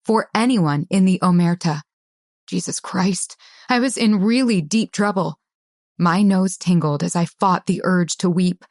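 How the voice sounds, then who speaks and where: Brief: woman narrator, lowish voice, tense and measured, dry studio read. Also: a little mellow, no echo. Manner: tense, measured first-person storytelling. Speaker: audiobook narrator. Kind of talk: scripted audiobook narration.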